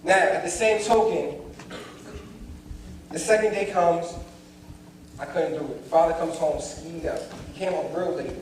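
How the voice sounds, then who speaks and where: A man's voice: fairly high pitch, measured pace, long pauses, slight background noise. A young man telling his life story at a motivational seminar, acting out the dialogue and calling out to the crowd. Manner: animated, acts out dialogue, addresses the crowd directly. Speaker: motivational speaker. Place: large performing arts hall. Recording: echoey hall, distant mic, faint ambience.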